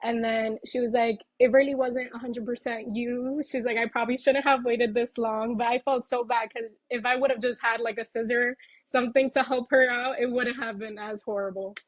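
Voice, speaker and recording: A woman's voice: a little high, flat delivery, moderate pace, hardly any pauses, dry recording, low-quality recording. A woman who works as a waxer, telling a client story in casual chat with many fillers. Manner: loose, filler-heavy storytelling.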